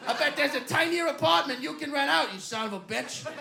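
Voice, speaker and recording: A man playing a cranky, indignant old New Yorker who yells scornful questions. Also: very high-pitched, animated, a little fast, gravelly, reverberant, background noise, full character voice. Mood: indignant ranting. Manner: yelling, scornful, incredulous rants.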